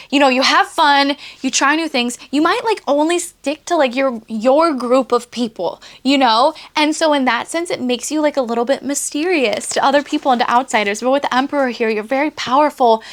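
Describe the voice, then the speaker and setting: A woman with a high voice talks through a pick-a-card tarot reading to her viewers. She is chatty and loose, laughing often and filling her sentences with "like.". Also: a bit bright. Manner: chatty, giggly, heavy use of "like". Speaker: tarot reader.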